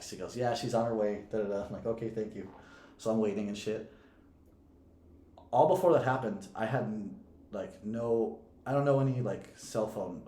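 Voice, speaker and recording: A man's voice: on the low side, warm tone. A young man and podcast co-host casually telling a story, profane and often laughing. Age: young adult. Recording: echoey room.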